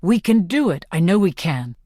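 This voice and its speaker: A woman reading the part of a devoted young man in an audiobook, her voice dropped a little lower and kept calm and plain-spoken. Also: moderate pace, no echo, clean studio sound. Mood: steady.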